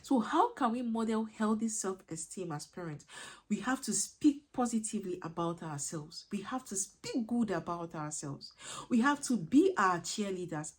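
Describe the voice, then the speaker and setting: A woman's voice: medium pitch, a little mellow, slightly rough. A woman giving an earnest parenting lesson, driving points home with repeated rhetorical questions. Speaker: parenting coach. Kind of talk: motivational teaching talk.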